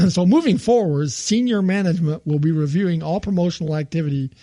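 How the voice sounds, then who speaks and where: Podcast co-host guy, high gravelly voice, dry one-liners, close dry mic. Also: fairly quick, warm tone, dry recording. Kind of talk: casual comedy podcast chat.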